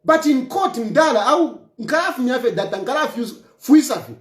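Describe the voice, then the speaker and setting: A man rants about politics in a high, swinging voice that leaps up and down as he presses each point. He is emphatic and taunting, repeating his lines over and over for effect. The sound is roomy, with a clear echo around him. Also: expressive, moderate pace. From Zambia. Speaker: political commentator. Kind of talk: impassioned political rant.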